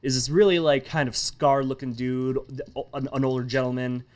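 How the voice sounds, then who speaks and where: Male game master, halting narration, mid-pitched voice, tabletop game. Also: little pitch movement, a little mellow. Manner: halting, with many restarts and fillers.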